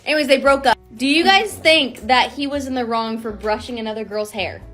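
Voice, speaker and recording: A woman's voice: a little high, a little fast, a bit bright, soft background music. A young woman talking casually to camera, chatty and teasing as a big sister. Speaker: TikTok creator.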